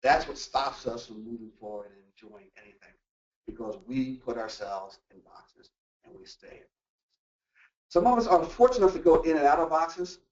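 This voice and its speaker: A man presenting a motivational workplace talk, animated and full of rhetorical questions. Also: medium pitch, normal speed. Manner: animated, acts out quoted voices and asks rhetorical questions. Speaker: workshop presenter. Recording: echoey room, distant mic, dull lo-fi sound.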